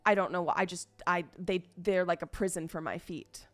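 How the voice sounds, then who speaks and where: A woman's voice: fairly low pitch, steady tone, moderate pace, faint music behind. A young woman streaming, chatting casually and rambling to her viewers, swearing freely along the way.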